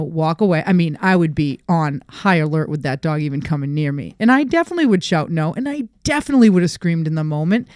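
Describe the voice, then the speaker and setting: A woman co-hosting a casual podcast as a dog trainer, telling lively stories and acting out the people in them. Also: lowish voice, no echo. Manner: animated storyteller who acts out quoted people.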